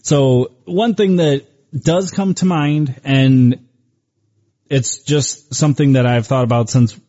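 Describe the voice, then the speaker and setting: A man's voice: medium pitch, takes it slowly, warm tone, highs cut off. A man co-hosting a podcast, chatting in an easygoing, joking way and asking his co-host questions. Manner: easygoing, joking, puts on voices. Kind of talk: casual chat.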